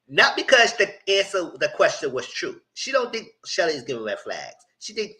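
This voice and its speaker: A man giving a live casual recap of a reality dating show, acting out the quoted lines and breaking into high-pitched excitement. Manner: animated, breaks into high shrieks and laughter when excited; acts out quoted lines in voices.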